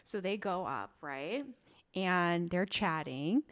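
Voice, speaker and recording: A woman's voice: lowish voice, takes it slowly. A woman co-hosting a podcast, retelling drama scenes in casual chat and acting out the characters' lines. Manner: animated retelling, acting out quotes. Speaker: podcast co-host.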